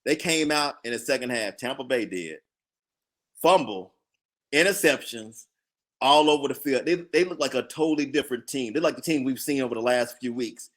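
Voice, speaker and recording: A man walks his co-hosts through a football game in an easygoing podcast conversation. His voice sits at a middle pitch with a bright tone. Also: moderate pace. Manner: talks through sports recaps, reads out articles. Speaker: podcast co-host. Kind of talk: casual chat.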